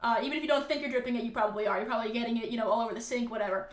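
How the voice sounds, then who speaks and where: A woman's voice: a little high, fairly even intonation, racing, reverberant. A young woman chatting casually and sarcastically as she reacts to online comments, sounding exasperated. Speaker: content creator reacting to comments.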